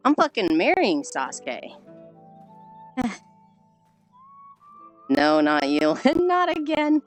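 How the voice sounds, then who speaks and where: A woman streaming while she walks on a treadmill, sounding squeaky and chipmunk-like through a failing headset mic, sighing often and swearing casually as she greets viewers. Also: wildly swooping pitch, extremely slow, long pauses, soft background music, low-quality recording. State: walking on a treadmill while talking. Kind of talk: casual live-stream chat.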